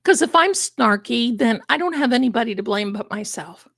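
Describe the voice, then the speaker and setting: A woman's voice: a little high, lively intonation, normal speed, gravelly, fairly bright tone, no echo, studio quality. A woman hosting a livestream, chatty and theatrical, calling viewers her darlings, her voice congested from allergies. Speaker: livestream host. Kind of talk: casual livestream chat.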